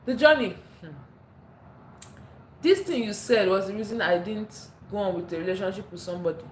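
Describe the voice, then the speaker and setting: A woman from Africa hosts a livestream from her home, chatting away, laughing a lot and reading viewer comments out loud. Her mid-range voice moves fairly quickly, with a roomy echo and a little hiss or hum. She records on a phone at first and later switches to a clip-on mic.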